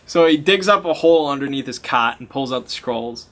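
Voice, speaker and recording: A man's voice: medium pitch, lively intonation, brisk. A man game master casually retelling a tabletop game session, laughing often and swearing casually.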